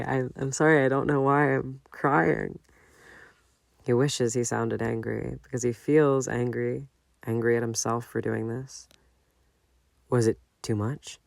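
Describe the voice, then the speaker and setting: A man reading a fan-fiction audiobook aloud in a measured, unhurried way. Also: mid-range voice, creaky, dry recording. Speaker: audiobook narrator.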